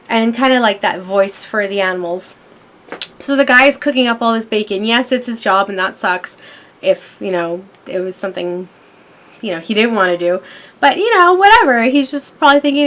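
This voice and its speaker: Woman in her thirties, slightly high voice, chatty vlogger telling stories into her camera mic. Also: a bit bright. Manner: chatty, storytelling, many fillers. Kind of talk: casual rambling vlog.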